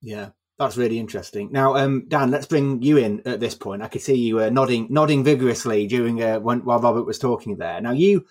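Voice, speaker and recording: A man's voice: medium pitch, fairly quick, few pauses, darkish tone. A man hosting a podcast interview, posing questions conversationally with filler sounds. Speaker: podcast host.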